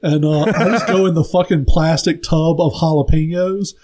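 A young man with a fairly high, mellow voice chats in a laid-back, profane way as a podcast co-host. He talks loosely and swears often. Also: steady tone, normal speed, low-quality recording. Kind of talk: casual chat.

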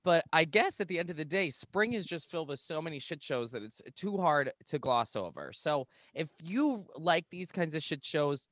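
A man's voice: fairly high pitch, sing-song, normal speed, few pauses, a bit bright, dry recording, clean studio sound. A young man co-hosting a casual podcast, joking and rambling with lots of "like". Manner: joking, rambling with many likes. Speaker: podcast co-host.

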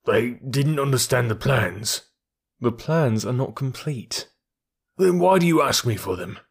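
A man's voice: mid-range voice, animated, a little slow, gravelly, husky, heavily acted. A man voicing a desperate, enraged blackmailer. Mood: cowed. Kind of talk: audiobook character reading.

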